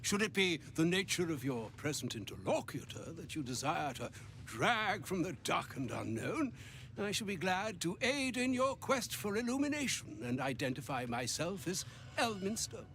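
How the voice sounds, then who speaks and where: A man's voice: high voice, sing-song, moderate pace, a bit bright, a little hiss or hum, exaggerated voice. An actor playing a courtly, long-winded ancient male wizard in a video game, speaking in ornate archaic phrases. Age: older. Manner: archaic, elaborate, pompous phrasing.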